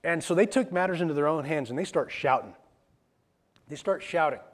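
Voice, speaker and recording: A man giving a conversational sermon as a pastor, plain-spoken and animated, with casual asides. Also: a little high, a little fast.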